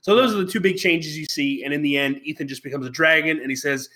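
Wry, rambling bright-voiced man. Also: mid-range voice, fast, few pauses. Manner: rambling, wry, fillers and restarts. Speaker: podcast co-host. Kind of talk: casual review chat.

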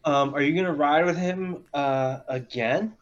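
A man co-hosting a fight podcast, talking slowly and haltingly, with ums and uhs filling his pauses. His audio is dull and lo-fi, as if from a cheap mic. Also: fairly high pitch. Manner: slow, halting, lots of fillers. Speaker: podcast co-host. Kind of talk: casual chat.

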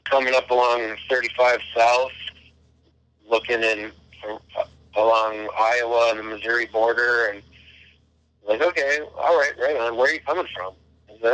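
Male caller, bright edge, dry mic, profane storyteller quoting himself. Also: mid-range voice, fairly even intonation, moderate pace, long pauses, no room sound, rough recording. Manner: profane, retells dialogue in quoted voices. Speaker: caller recounting a phone call. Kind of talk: casual storytelling.

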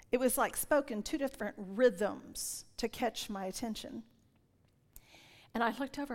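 A woman in her sixties preaching a sermon with a personal testimony, telling her story in an animated way and dropping to a whisper when she quotes. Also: a little high, moderate pace. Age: 60s. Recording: long reverb of a large hall.

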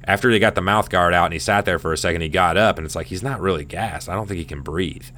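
A man in his thirties hosting a casual sports chat, telling a fight story in a profane, rambling, animated way. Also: sits low, fast, a little hiss or hum. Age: 30s. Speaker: podcast host.

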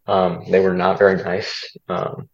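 A young male student talks easily as a podcast guest, pausing on fillers and chuckling now and then. His voice sits low in pitch. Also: vocal fry, lo-fi sound. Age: young adult. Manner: relaxed, chuckling, hesitant with fillers. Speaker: guest, political science student. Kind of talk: casual interview chat.

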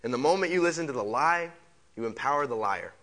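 A man's voice: mid-range voice, lively intonation, fast talker, a bit bright. Man preaching in repeated rhetorical questions. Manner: leads the congregation in call-and-response. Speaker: pastor. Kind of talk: sermon.

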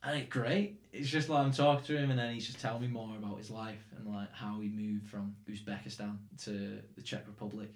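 A man's voice: fairly low pitch, flat delivery, a little fast, hardly any pauses, roomy sound. A young Northern English man chatting casually as podcast host, rambling and swearing freely. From England. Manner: rambling, swears, laughs often. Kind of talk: casual chat.

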